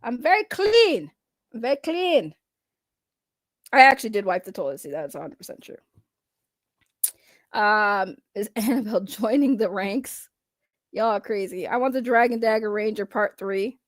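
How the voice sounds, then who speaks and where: A woman with a Boston accent hosting a casual livestream, loud and laughing, swearing as she talks to her chat. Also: medium pitch, normal speed, no echo, clean studio sound. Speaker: livestream host.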